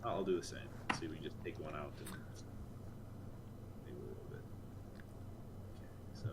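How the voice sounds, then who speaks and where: A man's voice: extremely low pitch, expressive, normal speed, very noisy. A man playing in a tabletop game, casual and a bit hesitant as he describes his attacks. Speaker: player.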